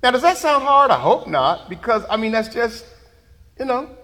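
A man's voice: extremely high pitch, sing-song, moderate pace, bright, forceful tone, long reverb tail. A man preaching a sermon, laughing and making asides to the congregation. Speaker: pastor.

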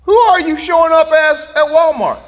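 A man's voice: very high-pitched, moderate pace, long reverb tail. A man preaching a sermon, laughing and making asides to the congregation. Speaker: pastor.

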